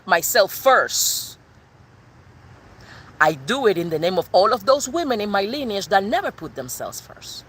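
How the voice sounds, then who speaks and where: A woman's voice: mid-range voice, fairly bright tone, a little hiss or hum. A woman with a Cuban accent giving a channeled tarot reading in an emphatic, sassy way that repeats her points. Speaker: tarot reader.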